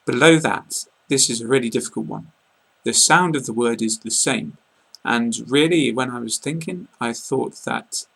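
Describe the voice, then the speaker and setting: A British man giving a casual online pronunciation lesson, speaking slowly and carefully and repeating example words. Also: medium pitch, vocal fry, a bit bright, breathy edge, poor audio. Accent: British English. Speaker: English pronunciation teacher.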